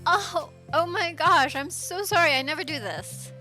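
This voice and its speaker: A woman's voice: very high-pitched, measured pace, bright, forceful tone, faint music behind, voice pushed up, exaggerated voice. A woman voicing a composed teenage club president, reading the lines plainly. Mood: flustered. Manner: plainly read dialogue. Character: composed teen girl, lonely club president.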